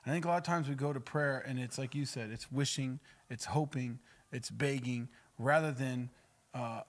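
A man's voice: mid-range voice, normal speed. A man, a pastor, teaching in an emphatic, conversational way on a podcast. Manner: emphatic, acts out spoken prayers.

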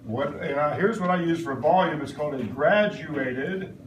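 High-voiced teacher guy quizzing kids in a classroom, lots of room noise behind him. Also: moderate pace, reverberant, distant mic. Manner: call-and-response questioning, playful. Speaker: science teacher. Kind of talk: classroom science lesson. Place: elementary school classroom.

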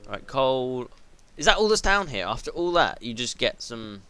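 A man's voice: mid-range voice, sing-song, moderate pace, sharp tone, a little hiss or hum. A teenage boy commentating his own gameplay. He swears freely, rambles, and yelps when something startles him. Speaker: gaming video host. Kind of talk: let's play commentary.

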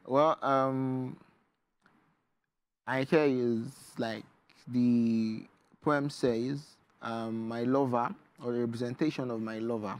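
A man's voice: mid-range voice, steady tone, slow. A man with a Nigerian English accent, a poet and author speaking as a guest in a TV studio interview. He talks in an earnest, reflective way, with many fillers. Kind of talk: studio interview, reading his poetry.

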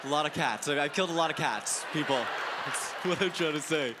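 A man doing stand-up comedy on a club stage into a handheld mic, telling stories in an exasperated, lively way. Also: fairly high pitch, brisk, a crowd in the background. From Africa. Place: comedy club stage before a live audience. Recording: live club set with loud audience and noise.

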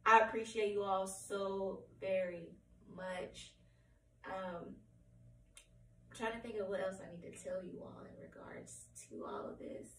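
A woman with a hoarse, cracking voice giving a candid personal update at home, rambling and apologetic with many ums. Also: mid-range voice, fairly even intonation, a little slow, a little hiss or hum. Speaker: vlogger. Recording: roomy, distant from the mic, faint room ambience.

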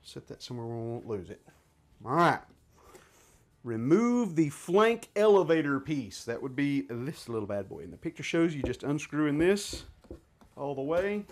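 A man's voice: fairly high pitch, sing-song, normal speed. A man reviewing gear in a casual hands-on demonstration, chatting and thinking aloud as he handles each part.

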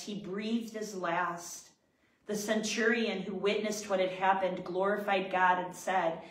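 Woman, reverent scripture reading, echoey room, set back from the mic. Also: medium pitch. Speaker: prayer leader. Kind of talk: reading scripture aloud in prayer. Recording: roomy, distant from the mic.

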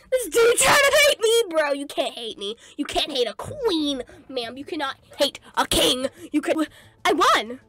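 A woman doing casual gaming commentary, excitable and slangy, squealing at her wins. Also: high-pitched, a little slow. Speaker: gaming video creator.

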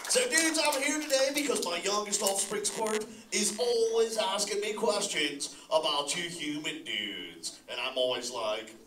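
A man's voice: sits high, measured pace, hardly any pauses, background noise. A man playing a laid-back surfer-dude sea turtle dad who says "dude" constantly and laughs a lot while chatting with a live audience. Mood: stoked, laid-back. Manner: lively, laughs often, talks straight to the audience. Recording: echoey hall, voice from far off.

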